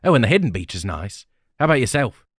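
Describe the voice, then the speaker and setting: A man voicing a relaxed, quirky young traveler with a New Zealand accent in an audiobook. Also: mid-range voice, fast, husky, no room sound, clean studio sound, pitched above the performer's own voice.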